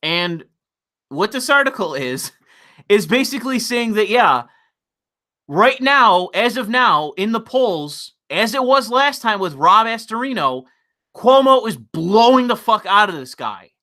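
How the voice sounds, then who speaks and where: A man's voice: high-pitched, sing-song, unhurried, pushed and bright. Profane, exasperated ranting man. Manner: repeats words and restarts when worked up. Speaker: political commentator. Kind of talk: livestream political commentary.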